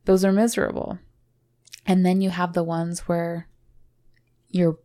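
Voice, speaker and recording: A young adult woman co-hosting a podcast, talking casually in a rambling, emotional way with halting restarts. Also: lowish voice, flat delivery, warm tone. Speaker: podcast co-host.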